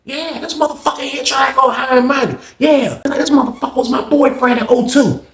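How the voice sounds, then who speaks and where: A man putting on a shrill, cursing hothead inmate. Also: lively intonation, brisk, a bit bright, roomy sound, heavily acted. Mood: mocking. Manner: shrill, profane, taunting. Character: hot-headed, cursing male inmate, loud and defiant.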